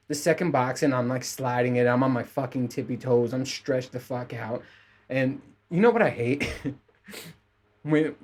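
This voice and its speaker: A man's voice: medium pitch, breathy edge. Profane ranting young man. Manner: animated, profane, self-mocking storytelling with laughs. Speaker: podcast host. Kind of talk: casual ranting monologue.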